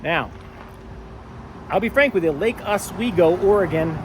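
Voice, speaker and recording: A man doing on-camera commentary while filming in public, sarcastic and wry, halting with many fillers. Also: high-pitched, expressive. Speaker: first amendment auditor filming in public. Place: public sidewalk outdoors. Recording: outdoor street noise. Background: street and traffic noise.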